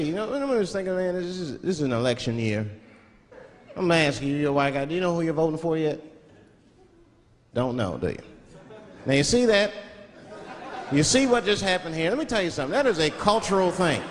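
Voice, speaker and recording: A man's voice: on the high side, a little fast, long pauses, big-room sound. A man performing a stand-up comedy routine on stage, slipping into mock voices as he tells stories. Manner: animated, switches into mock voices. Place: comedy stage before a live audience. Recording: live show with crowd and noise.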